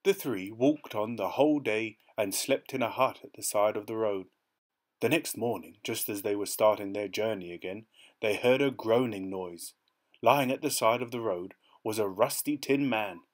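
A man reading a children's story aloud with expressive storytelling. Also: fairly low pitch, normal speed. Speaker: storybook reader.

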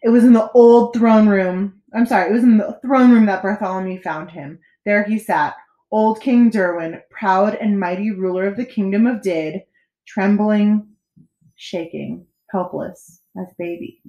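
A woman reading a children's picture book aloud as a storyteller, expressive with dramatic pauses. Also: medium pitch, dull audio. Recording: echoey room.

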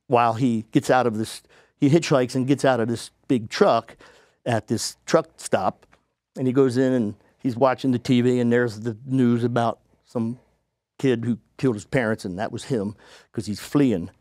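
Guy on a podcast telling a story, does the other people's lines higher, dry sound. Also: moderate pace, no room sound. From United States. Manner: animated retelling, acting out quoted voices in a higher pitch. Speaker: podcast guest. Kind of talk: casual storytelling.

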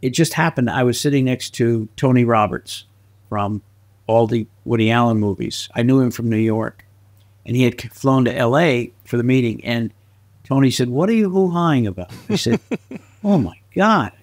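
A man telling stories as a guest in a relaxed interview, his pitch sitting in the middle range. He is a lively, animated storyteller who laughs easily and slips into little voices along the way. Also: normal speed. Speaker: guest actor and filmmaker.

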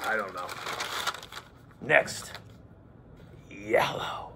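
A male teacher running a playful lesson for children, cracking pirate jokes and slipping into a gruff pirate voice. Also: sits high, wildly swooping pitch, slow, pauses often, bright, forceful tone, a little hiss or hum. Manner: hammy, joking, slips into a gruff pirate voice.

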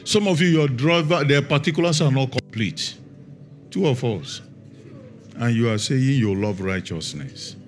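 A man's voice: mid-range voice, lively intonation. A middle-aged man, a pastor preaching a sermon and telling stories, stressing words and drawing them out. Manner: storytelling, emphatic with drawn-out words.

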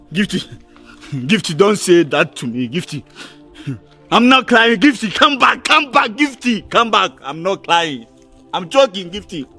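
A man's voice: extremely high pitch, bright, forceful tone, slightly rough, full character voice. A man with a Ghanaian accent playing a heartbroken young man who wails and pleads dramatically for his lost lover. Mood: pleading. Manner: wailing, pleading, crying out dramatically. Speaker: actor in a comedy film. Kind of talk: Ghanaian film acting.

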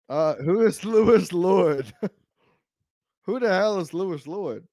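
A brash man with a somewhat high voice rambles through casual podcast chat, cursing freely. He jumps from loud, heated bursts down to low mutters. His voice sounds dry and close, with no room echo. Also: lively intonation, slow pace, pauses often. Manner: swings between loud outbursts and low mutters.

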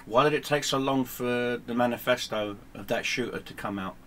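A man's voice: medium pitch, normal speed, fairly bright tone, slight background noise. A man, a gaming streamer, ranting to camera in a sarcastic, combative way with heavy swearing. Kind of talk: profane angry rant to camera.

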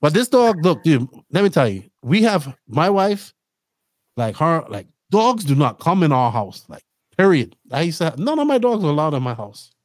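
Chatty higher-voiced podcast host man. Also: moderate pace, no room sound, clean studio sound. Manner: rambling, animated storytelling with laughs. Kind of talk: casual chat.

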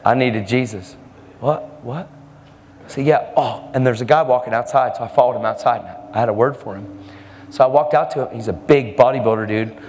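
A man preaching a storytelling sermon, animated, acting out the people in his stories with sudden jumps in pitch. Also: brisk, a little hiss or hum. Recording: long hall reverb, faint music.

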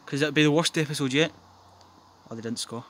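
A young man giving excitable, sweary, jokey commentary on his football game from his back garden, breaking into yells. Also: fairly high pitch, brisk. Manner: sweary, jokey, bursts into yelling. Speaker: gaming commentator.

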